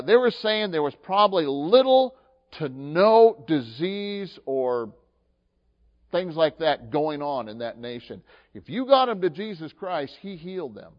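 A male pastor preaching a sermon in an animated way, swinging from hushed asides to emphatic, acted-out dialogue, recorded in a church sanctuary. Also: fairly high pitch. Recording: dull lo-fi sound with long hall reverb.

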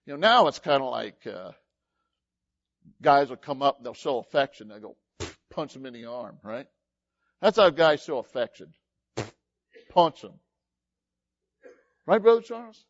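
A man preaching a sermon, folksy and animated, telling stories and quoting scripture. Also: medium pitch, unhurried, pauses often, muffled recording. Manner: animated, folksy storytelling with laughs and quoted voices. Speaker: pastor.

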